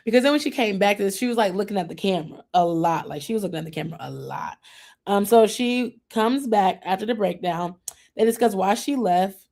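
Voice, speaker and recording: A woman's voice: mid-range voice, lively intonation, fairly quick, creaky, darkish tone. A woman hosting a casual TV recap chat, chatty and opinionated, often acting out what people on the show said. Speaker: host.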